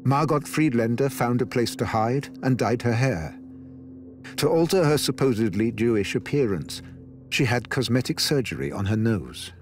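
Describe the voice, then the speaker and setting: A man at a mid-range pitch reads documentary narration, even and informative. Faint music sits beneath his voice. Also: moderate pace. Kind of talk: scripted narration.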